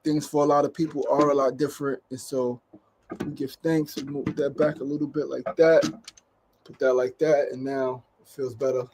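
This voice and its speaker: A man's voice: medium pitch, level tone, normal speed, darkish tone, slight background noise. A man hosting his daily show, giving casual motivational talk with upbeat repeated phrases and frequent "right?" tag questions.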